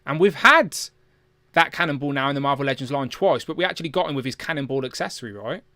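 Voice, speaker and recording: Bright-voiced man hosting a live show. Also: mid-range voice, expressive, fast, dry recording. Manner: chatty, reads viewer comments aloud. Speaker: livestream host. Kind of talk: casual chat about toys.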